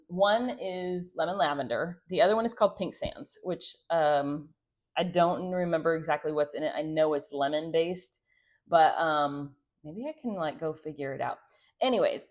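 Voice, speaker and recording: A woman with a slightly low voice talks her viewers through a homemade project in a casual, chatty way. She rambles, drifts into asides and fills her pauses with little hesitations. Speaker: homestead vlogger. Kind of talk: casual how-to chat.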